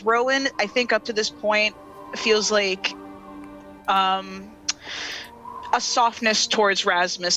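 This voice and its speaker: Bright-voiced woman playing a tabletop game. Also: a little high, rough recording. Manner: chatty, hesitant with many fillers. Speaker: player. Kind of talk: describing her character's actions in a tabletop game.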